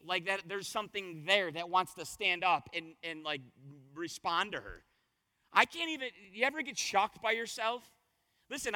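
A man preaching a conversational sermon as pastor, his voice a little hoarse, telling stories and asking the congregation questions. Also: high voice, bright, forceful tone, long reverb tail. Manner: conversational, storytelling with rhetorical questions. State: slightly hoarse voice.

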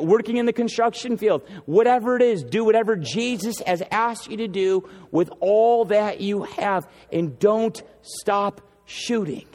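A man preaching an impassioned sermon as pastor, driving his points home with repeated phrases and slowing down for emphasis. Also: sits high, a little mellow, in a large hall.

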